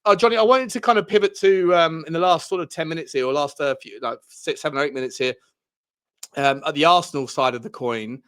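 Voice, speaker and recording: A man's voice: fairly high pitch, fast, fairly bright tone. A man co-hosting a football podcast in casual chat, rambling, with many fillers and restarts.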